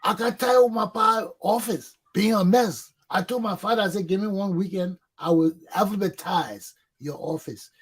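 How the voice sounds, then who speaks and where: A middle-aged man tells a story on his own talk show. His voice is husky and sits a bit high. He talks casually and lively, and he bursts into shouted quotes as he acts out the scenes. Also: moderate pace, hardly any pauses. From Liberia.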